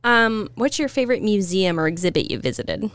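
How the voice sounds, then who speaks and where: A woman co-hosting a podcast, chatting casually and teasing, quick to laugh. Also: medium pitch, animated, no echo. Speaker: podcast co-host. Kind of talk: casual chat.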